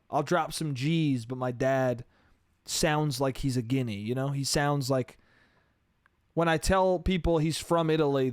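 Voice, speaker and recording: A man's voice: mid-range voice, dry recording, studio quality. A man from New York State hosting a solo podcast, rambling, swearing and laughing at himself. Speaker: podcast host.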